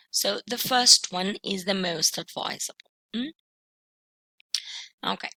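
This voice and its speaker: Slow, careful woman teaching pronunciation. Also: medium pitch, pushed and bright, no echo, rough recording. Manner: slow, deliberate, checks in with a questioning "mm?" after each point; models words by sounding them out syllable by syllable. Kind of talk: recorded online lesson.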